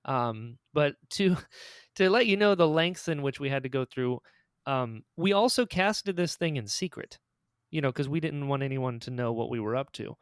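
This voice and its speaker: Guy gushing about his project on a podcast, mid pitch, dry close mic. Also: normal speed, smooth, no room sound. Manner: excitable storyteller, acts out quoted lines. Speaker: creator and writer of an audio drama, guest. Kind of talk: casual podcast chat.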